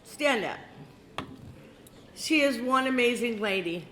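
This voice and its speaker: An older woman giving a heartfelt eulogy at a memorial gathering, reminiscing slowly and breaking into laughs. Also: fairly high pitch, animated, noisy background. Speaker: eulogy speaker. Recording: echoey hall with faint ambience.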